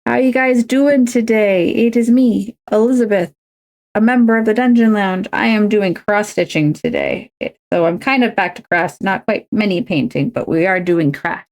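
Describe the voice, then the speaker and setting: A woman's voice: mid-range voice, moderate pace, darkish tone. A woman livestreaming, chatting casually while crafting, rambling and self-deprecating with frequent restarts.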